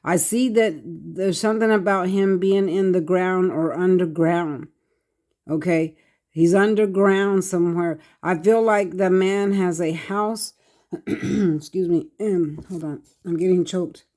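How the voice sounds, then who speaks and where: A tarot reader, talking to viewers in short, halting, repetitive bursts of earnest speech. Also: mid-range voice, steady tone, darkish tone. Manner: earnest, addresses viewers directly. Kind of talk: tarot card reading monologue.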